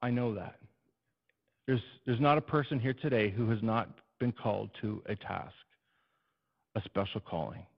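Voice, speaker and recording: A male preacher giving an animated, storytelling sermon and addressing his congregation in a church. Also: on the low side, moderate pace, vocal fry, pauses often. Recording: dull, muffled recording.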